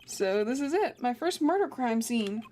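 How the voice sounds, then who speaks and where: Eager young rookie lawyer, read by a woman, high and lively. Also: moderate pace, slight background noise, natural voice. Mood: determined.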